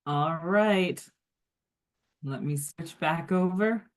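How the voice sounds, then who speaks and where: A woman with a somewhat low voice leads a workplace workshop. Her tone is conversational, and she keeps putting questions to the participants. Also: very slow. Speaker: workshop facilitator. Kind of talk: workshop lecture.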